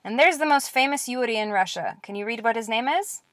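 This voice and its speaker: A woman teaching a lecture-style language lesson, repeating words slowly and clearly with patient encouragement. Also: fairly high pitch, animated, a bit bright, no echo, clean studio sound.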